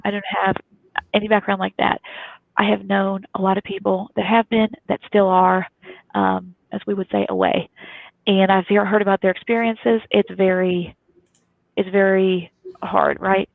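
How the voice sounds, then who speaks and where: A woman from Kentucky, telling a story in a lively, chatty way as a guest on a live talk show. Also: mid-range voice, normal speed, gravelly, no echo. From Kentucky, USA. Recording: dry, phone-like thin audio.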